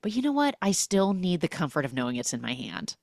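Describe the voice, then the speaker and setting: Lively, sarcastic woman host, low voice. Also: quick pace, vocal fry, no room sound, studio quality. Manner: animated, sarcastic storytelling with acted quotes. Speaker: podcast host. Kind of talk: casual film recap.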